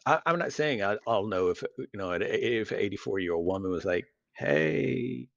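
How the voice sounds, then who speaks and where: A man's voice: on the low side, expressive, a little fast, no echo, highs cut off. A man co-hosting a casual podcast chat, rambling and joking crudely, with frequent restarts. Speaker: podcast co-host.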